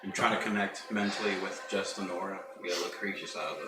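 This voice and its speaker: A man's voice: sits low, steady tone, fast talker. A man playing a tabletop game, talking tentatively and casually with fillers. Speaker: player. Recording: distant, echoey, with loud music.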